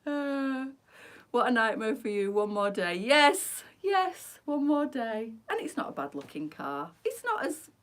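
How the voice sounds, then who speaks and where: A woman's voice: a little high, sing-song, unhurried. A middle-aged woman, chatting casually through a live boutique sale, rambling and laughing often. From England. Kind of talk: chatty live-stream sales talk.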